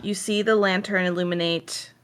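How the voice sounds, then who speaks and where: A woman's voice: medium pitch, steady tone, normal speed, a little hiss or hum. A woman narrating as game master, describing scenes in detail and correcting herself as she goes.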